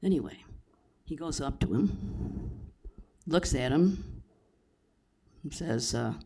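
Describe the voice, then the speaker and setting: A man hosting a town hall, slowly telling a joke to the audience. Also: a little high, very animated, vocal fry, mellow, slightly rough. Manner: slow, drawn-out storytelling.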